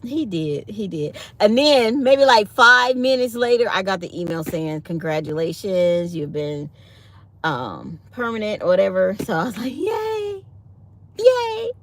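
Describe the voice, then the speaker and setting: A woman's voice: fairly low pitch, normal speed. A woman, hosting a casual morning chat for her channel and telling stories with acted-out quotes. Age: 50s. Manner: animated storytelling with acted-out quotes. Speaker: channel host. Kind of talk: casual chat to live viewers.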